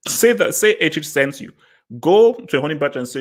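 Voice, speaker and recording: A man hosting a casual livestream, chatting in an animated, rambling way, often repeating words and jumping up high in pitch to stress a point. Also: fast talker. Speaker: livestream host.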